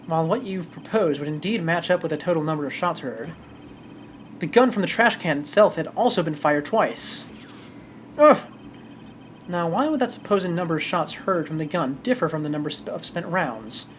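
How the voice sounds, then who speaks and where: A streamer voicing a precise, composed male prosecutor with measured, formal delivery while reading a game aloud. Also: medium pitch, expressive, a little hiss or hum, lightly acted.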